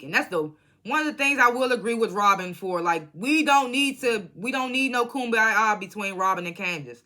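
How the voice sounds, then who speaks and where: Bright-voiced woman recapping with blunt profanity. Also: medium pitch, brisk, hardly any pauses. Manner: blunt, profane, animated storytelling. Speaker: reality TV recap vlogger. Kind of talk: casual recap.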